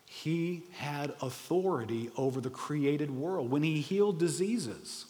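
A man preaching a sermon in an animated, conversational way, often asking the audience rhetorical questions. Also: medium pitch, long reverb tail. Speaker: pastor.

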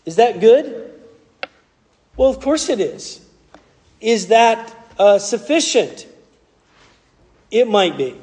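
A Southern American pastor delivers an earnest, conversational sermon. His voice sits notably high for a man. It rings out with the long reverb of a large church sanctuary. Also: sing-song, slow pace, long pauses, darkish tone.

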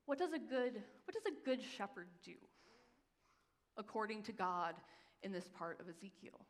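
A woman pastor giving a sermon, telling a story with emphasis and slowing down for the scripture readings. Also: mid-range voice, very animated. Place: church sanctuary. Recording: long reverb of a large hall.

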